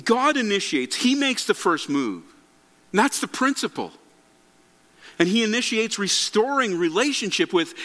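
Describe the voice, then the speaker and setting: A man gives a sermon in a high, bright voice, earnestly working through his points and often restarting his phrases. His words ring out with a long reverb, as in a large church sanctuary. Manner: earnest preaching with frequent restarts. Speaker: pastor.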